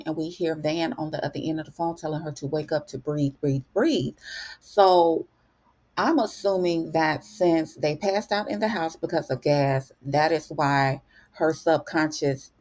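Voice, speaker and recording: A woman hosting a casual TV recap, chatty and animated, calling her viewers "honey". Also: sits low. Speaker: TV recap host. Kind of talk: casual spoken episode recap.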